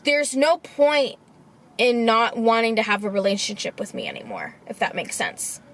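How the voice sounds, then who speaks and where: A woman in her twenties telling a personal story to her camera. She talks in a halting, emotional way and sounds tearful. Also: a little high, very animated. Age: 20s. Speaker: vlogger.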